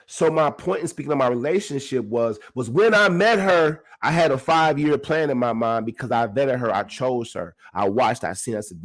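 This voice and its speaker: A man hosting his own podcast, talking to his listeners in a casual motivational monologue, animated and laughing often. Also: mid-range voice, normal speed, few pauses. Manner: animated, laughs often, talks straight to the audience. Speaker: podcast host.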